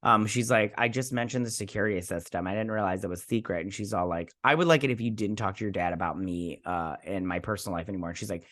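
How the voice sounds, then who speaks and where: A man's voice: fairly low pitch, quick pace, hardly any pauses, a bit bright. A young man from Michigan casually recapping a TV episode, rambling and acting out characters' lines as he goes. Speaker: host.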